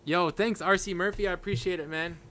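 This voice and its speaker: A man's voice: high-pitched, fairly even intonation, brisk, pushed and bright, a little hiss or hum. A man hosting a casual livestream from a room at home on a desk microphone, rambling with restarts and thanking viewers by name. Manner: rambling, with many restarts and fillers. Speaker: livestream host. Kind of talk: casual live-stream chat. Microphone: desk microphone with a level meter.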